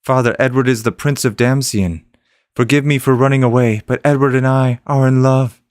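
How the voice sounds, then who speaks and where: A man reading aloud a young princess's lines from a game, a little higher and louder than his usual voice. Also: fairly even intonation, moderate pace, no echo, clean studio sound, lightly acted. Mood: pleading. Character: young princess, gentle and earnest.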